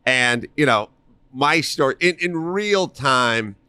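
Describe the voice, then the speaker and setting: A man's voice: medium pitch, expressive, slow pace, pushed and bright, clean tone, no room sound. A middle-aged man hosting a podcast, riffing and telling stories in casual comedic chat. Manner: riffing, storytelling, acts out quotes. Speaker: podcast host.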